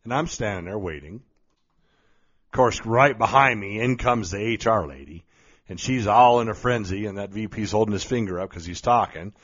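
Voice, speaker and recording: A man's voice: fairly low pitch, moderate pace, fairly bright tone. A man telling a story as a motivational speaker, blunt and emphatic, with some mild cursing. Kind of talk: storytelling monologue. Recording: slightly dull lo-fi recording.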